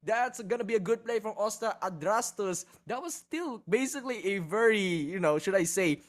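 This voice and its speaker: A man's voice: sits high, moderate pace. A man co-casting an esports match, rambling and hedging as he breaks down plays. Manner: rambling, hedging, laughing with his co-caster. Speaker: shoutcaster. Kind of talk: esports color commentary.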